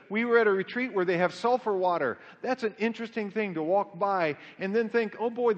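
A man preaching a sermon in an animated way, swinging his pitch up and down to act out quotes. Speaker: pastor. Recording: dull lo-fi sound with long hall reverb.

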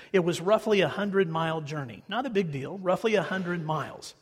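A male preacher delivers a sermon in a high, husky voice. He is emphatic, dropping to hushed asides and rising to fervent, repeated insistence. A long hall reverb trails every phrase. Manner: emphatic, with sudden swings from hushed to raised and fervent.

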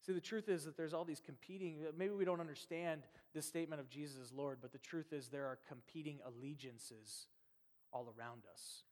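A man from Nebraska preaches in a relaxed, animated, conversational way, slipping into quoted voices. His voice sits high for a man. The sound rings with the long reverb of a church hall. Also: brisk. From Nebraska, USA. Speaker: pastor. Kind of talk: sermon.

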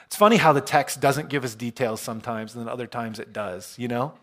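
A male pastor preaching a sermon, retelling scripture in a relaxed, storytelling way with self-deprecating humor. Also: medium pitch, brisk.

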